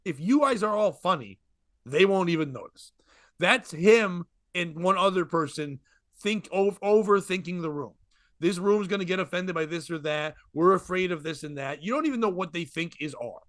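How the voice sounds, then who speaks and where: A man's voice: high voice, no echo, studio quality. A man telling a long rambling comedy story in casual podcast chat. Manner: rambling, animated, quick asides and laughs.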